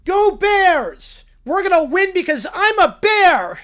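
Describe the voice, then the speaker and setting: A synthetic voice playing a small, hot-tempered male bear cub in a fan-made cartoon, yelling and whining. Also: animated, unhurried, creaky, exaggerated voice. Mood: boastful. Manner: shrill, whiny, yelling.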